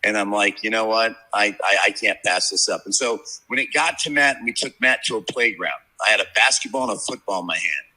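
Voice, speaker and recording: Brief: profane fifties sports bettor, bright forceful voice with husky grit, rambling yarns. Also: male voice, lowish voice, fairly quick, few pauses, poor audio. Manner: brash, profane, rambling storyteller. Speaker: sports handicapper guest. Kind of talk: casual podcast chat, storytelling. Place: media row at a sports event.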